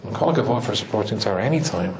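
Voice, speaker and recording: A rabbi with a Scottish accent giving a talk to a live audience, joking, teasing them and laughing often. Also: male voice, fairly low pitch, expressive, racing, a little mellow, reverberant, slight background noise.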